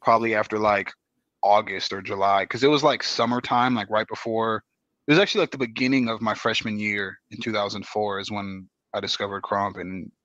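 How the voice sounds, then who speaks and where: A man in his thirties, a dance guest, talking in a relaxed, slangy way with many fillers. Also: fairly low pitch, brisk, dry recording, dull audio. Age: 30s. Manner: laid-back, slangy, lots of fillers. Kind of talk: casual podcast chat.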